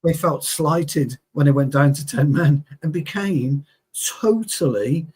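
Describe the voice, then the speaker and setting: Slow and slightly rough, this man's voice sits fairly high. He's in his 40s, an ex-player co-hosting a sweary, heated football chat, animatedly swapping tales from his playing career.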